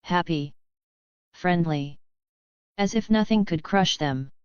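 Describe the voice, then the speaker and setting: A woman voicing a brooding, reserved young wizard who speaks quietly and in measured tones. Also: fairly low pitch, smooth, no echo, lo-fi sound.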